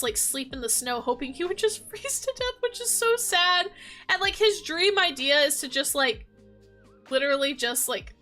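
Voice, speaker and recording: A woman's voice: high voice, pushed and bright. A woman chatting casually as a gaming vlogger, gushing and rambling with lots of fillers. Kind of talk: casual chat.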